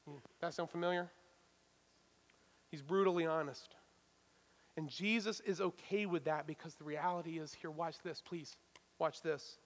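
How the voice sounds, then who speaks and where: A man preaching a sermon, swinging between loud emphatic stresses and hushed asides. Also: a little high, fairly even intonation, normal speed, pauses often, long reverb tail. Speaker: pastor.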